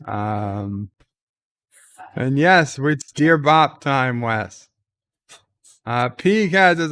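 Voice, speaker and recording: Brief: male stream host, mid-pitched, unhurried, reading comments, filler-heavy. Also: clear, resonant tone, dry recording. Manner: many filler uhs, slow and relaxed. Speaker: livestream host. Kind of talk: casual chat reading viewer comments.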